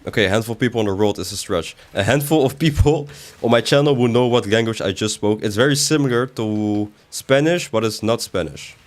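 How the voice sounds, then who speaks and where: A man's voice: on the low side, fairly quick, hardly any pauses. A young man chatting casually while he streams a video game, joking back at chat, his voice jumping up when he protests. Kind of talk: live gaming stream commentary, reading chat.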